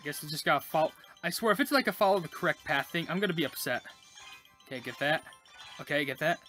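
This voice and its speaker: A gaming YouTuber giving casual let's-play commentary, talking to themself and the viewers with quick, frustrated outbursts. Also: mid-range voice, animated, fairly bright tone, faint music behind. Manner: chatty, talks to self while playing, quick frustrated exclamations.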